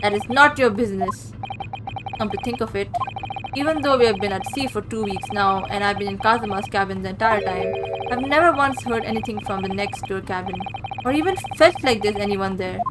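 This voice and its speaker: A woman's voice: medium pitch, fairly quick. A woman playing a visual novel, reading its lines aloud with playful, chatty asides, over a noisy recording. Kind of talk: casual let's-play commentary and reading aloud.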